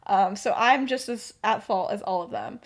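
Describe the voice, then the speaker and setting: A woman's voice: medium pitch, moderate pace, lightly acted. A woman voicing an earnest, determined teenage girl student who insists on sharing the blame.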